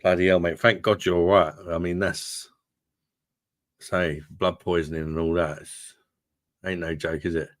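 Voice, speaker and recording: A man's voice: sits low, level tone, normal speed, dry recording, studio quality. A man casually chatting on a livestream, swearing freely and calling his viewers mate. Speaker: livestream host reading chat. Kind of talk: casual live chat.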